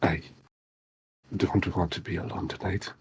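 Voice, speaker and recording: A man voicing his character, a young man shaken by a bad dream, speaking quietly and hesitantly. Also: deep voice, level tone, moderate pace, vocal fry, breathy edge, no echo, exaggerated voice.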